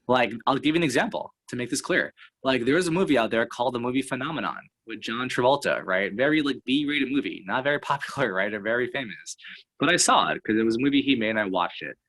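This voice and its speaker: A man's voice: medium pitch, expressive, fast, a bit bright, poor audio. A man talking as a sales and motivational speaker in casual coaching talk, rambling and full of fillers and tag questions.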